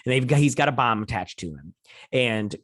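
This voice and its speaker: On his own channel, a man who reviews TV shows gives a chatty, rambling recap of an episode, retelling scenes with lots of "he's all like." His mid-range voice is animated, brisk and fairly bright, captured in a clean, dry studio recording.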